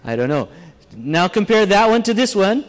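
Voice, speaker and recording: Very animated, a man whose voice sits high preaches at normal speed to a live congregation in a church hall with long reverb. His sermon, which includes an audience exercise, is conversational and plain-spoken, with frequent restarts.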